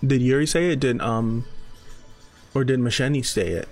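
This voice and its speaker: A man casually reacting while reading a comic aloud, excitable and repeating himself. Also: medium pitch, measured pace, pauses often, soft background music. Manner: excitable, repeats phrases over and over. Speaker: webtoon reader reacting.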